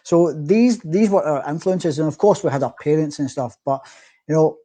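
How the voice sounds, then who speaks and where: A man hosting a podcast, talking in a relaxed, reflective way with halting restarts. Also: fairly high pitch. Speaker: podcast host. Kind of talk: casual conversation.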